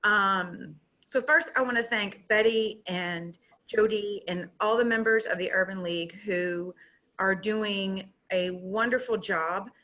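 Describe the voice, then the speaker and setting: Tearful, gushing woman with a bright voice. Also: mid-range voice, a little slow. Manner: tearful, gushing, laughing through tears. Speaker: company representative. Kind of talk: emotional speech at online graduation. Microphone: video call.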